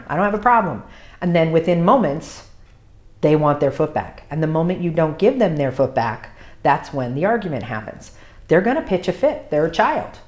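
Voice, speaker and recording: A woman with a notably low speaking voice gives an instructional talk on dog grooming. She speaks emphatically as an experienced groomer and educator, hammering home her main points. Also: darkish tone. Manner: emphatic, repeats key points.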